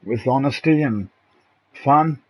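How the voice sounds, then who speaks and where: A middle-aged Australian man speaks slowly at medium pitch in casual live-stream chat with his party. He's blunt and resentful, cursing freely and addressing people as mate and bro. Audio comes through a muffled, noisy home setup.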